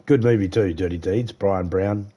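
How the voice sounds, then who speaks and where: Australian man, fairly low voice, laid-back live-stream chatter, rambling, greets chat. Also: normal speed. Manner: relaxed, rambling, greets viewers by name.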